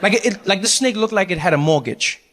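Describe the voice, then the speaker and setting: A man doing stand-up storytelling, animated, acting out voices and laughing through his lines. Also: high-pitched, fast, long reverb tail, a little hiss or hum. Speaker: stand-up comedian.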